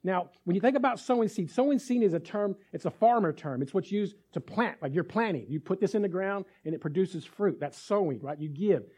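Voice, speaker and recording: A man preaching to his congregation in a high, swooping voice that rises and falls with every point. He keeps the room with him by checking in often. He plays out little everyday scenes as he goes. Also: lively intonation, fairly quick, hardly any pauses, darkish tone, slightly rough. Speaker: pastor. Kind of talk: sermon.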